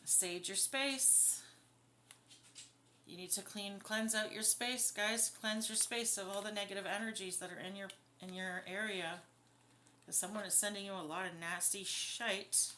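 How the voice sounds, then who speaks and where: A woman doing a casual spiritual card reading to camera at home at night, blunt and quick to get indignant, swearing freely. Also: mid-range voice, fairly even intonation, pushed and bright, a little hiss or hum. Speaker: tarot and spirit box reader.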